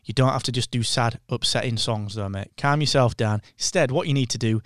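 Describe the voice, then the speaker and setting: A man's voice: medium pitch, fairly quick, no echo, studio quality. A man co-hosting a podcast in casual chat, sarcastic and mocking, breaking into impressions. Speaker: podcast co-host.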